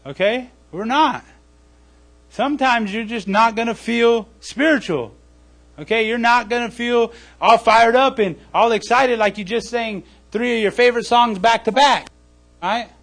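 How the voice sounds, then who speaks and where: A high-voiced male pastor teaches during a live church service. He's animated, acting out little scenes and repeatedly checking in with listeners by asking "okay?"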